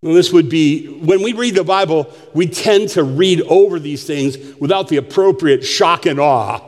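Joking preacher, fairly high voice. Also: male voice, moderate pace. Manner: animated, joking, asks the congregation questions. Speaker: pastor. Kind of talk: sermon. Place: church sanctuary. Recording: long hall reverb.

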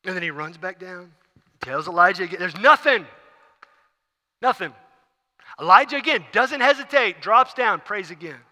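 Pastor guy preaching, high voice, acts out the story, big echoey church. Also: brisk. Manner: animated storytelling, acts out scenes. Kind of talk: sermon. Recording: long reverb of a large hall.

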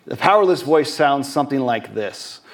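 A man's voice: medium pitch, animated, normal speed. A man giving a sermon as a guest preacher, earnest, often repeating and restarting words, now and then acting out short quoted voices. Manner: acts out quoted voices briefly.

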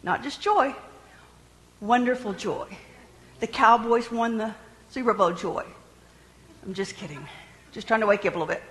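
Animated woman preaching in a reverberant hall. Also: on the high side, normal speed, long pauses. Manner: lively, animated, jokes with the congregation. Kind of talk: sermon.

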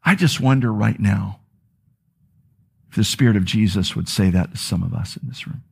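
A man's voice: on the low side, moderate pace, vocal fry, darkish tone, husky. Earnest male pastor preaching. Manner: earnest, confessional storytelling. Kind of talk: sermon.

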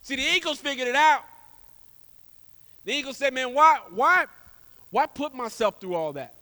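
A man preaching a sermon in an animated way, swinging from loud to soft. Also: extremely high pitch, moderate pace. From Houston, Texas. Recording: long echo of a large hall.

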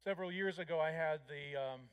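Man preaching, kinda high voice, slow and reflective, little ums here and there. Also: clear, resonant tone. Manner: measured, reflective, with small hesitations. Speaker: pastor. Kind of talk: sermon.

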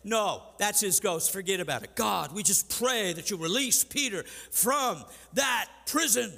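An older man voicing a group of doubting early disciples, loud and dismissive. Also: sits high, lively intonation, a little slow, gravelly, big-room sound, pitched above the performer's own voice, full character voice.

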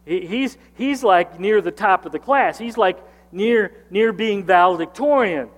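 A man preaching a sermon as a pastor, reading scripture and then praying and explaining it earnestly, with pauses and restarts. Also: high voice, lively intonation. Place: church sanctuary. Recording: long reverb of a church hall.

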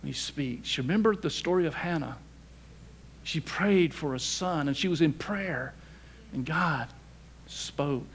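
A man's voice: a little high, moderate pace, slight background noise. Folksy older man preaching a sermon. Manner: dynamic delivery, drops to a hushed near-whisper for emphasis; folksy and humorous. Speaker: pastor.

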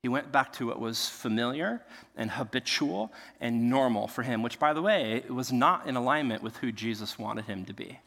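A male pastor preaching a sermon, telling the story in a lively way and acting out the voices of the people in it, with laughs along the way. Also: medium pitch, normal speed, vocal fry. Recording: long reverb of a large hall.

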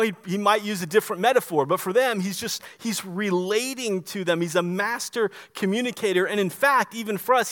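Man, pastor, high-pitched, sermon, conversational, emphatic, rhetorical questions. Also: fairly bright tone.

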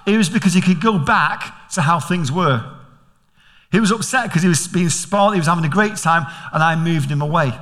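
A man's voice: fairly high pitch, brisk. An older man preaching a sermon in a church, telling stories and asking the congregation questions. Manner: storytelling, animated, questioning. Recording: reverberant church hall.

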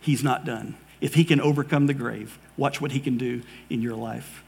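A man's voice: mid-range voice, fairly even intonation, normal speed, creaky, a little mellow, husky. A man preaching a sermon to a congregation, earnest, building rhythmic repeated phrases. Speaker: pastor. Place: church sanctuary with congregation.

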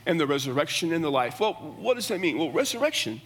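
A man's voice: a little high, big pitch swings, fast talker, fairly bright tone. A middle-aged man preaching a sermon as a pastor, earnest and emphatic, often restarting his words. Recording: long reverb of a church hall.

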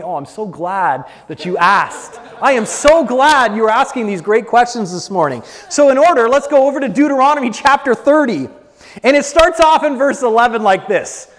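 A male pastor preaching a sermon, swinging between hushed lines and loud, drawn-out ones. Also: very high voice, animated, long reverb tail.

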